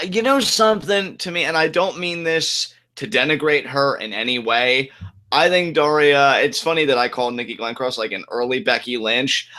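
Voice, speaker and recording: Man, bright forceful voice, animated co-host, casual review chat. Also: medium pitch. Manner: animated, agreeable, quick bursts of enthusiasm. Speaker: podcast co-host.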